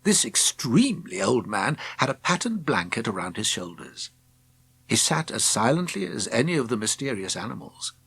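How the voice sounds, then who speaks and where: A man narrating a children's storybook with expressive, gentle storytelling. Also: medium pitch, moderate pace, vocal fry, slightly rough. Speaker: audiobook narrator.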